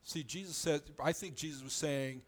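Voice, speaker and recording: A man's voice: fairly high pitch, normal speed. A man preaching a sermon as pastor, in a conversational, plain-spoken way, often restarting his phrases as he explains.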